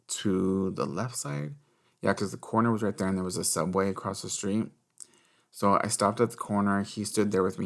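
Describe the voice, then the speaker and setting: A low-voiced young man hosts a podcast, openly sharing a personal story in laid-back conversation. He curses freely and acts out the things people said.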